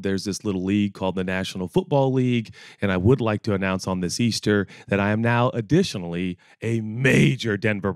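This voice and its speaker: A man in his forties preaching a sermon, telling stories and joking with the congregation in an animated way. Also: lowish voice, no echo, studio quality. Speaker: pastor. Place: church auditorium with audience.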